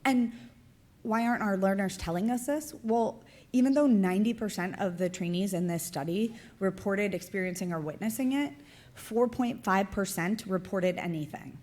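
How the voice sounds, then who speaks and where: A woman's voice: medium pitch, moderate pace, darkish tone. A woman in her thirties giving a conference talk in a chatty lecturing manner, often adding "right?" and "like" as she goes. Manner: conversational, frequent "right?" and "like" fillers. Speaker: conference presenter.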